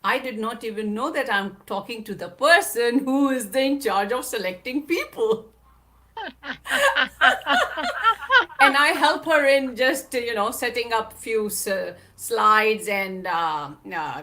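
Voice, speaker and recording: Slow, bright-voiced woman telling her story. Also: fairly high pitch. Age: adult mother of a young child. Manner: earnest, emphatic, repeats phrases. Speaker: guest speaker. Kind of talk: personal storytelling talk.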